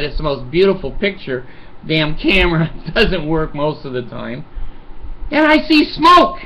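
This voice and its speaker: Older male vlogger, high bright tone, profane, chuckles through his tale. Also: a little hiss or hum, rough recording. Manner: rambling, profane, chuckles often. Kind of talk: casual storytelling monologue.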